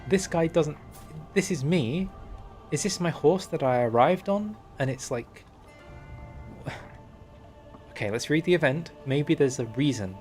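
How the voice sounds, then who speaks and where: A man's voice: mid-range voice, animated, moderate pace, a little mellow, soft background music. A young man streaming and talking over a strategy game, chatty and wry, reading in-game text aloud. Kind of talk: game livestream commentary.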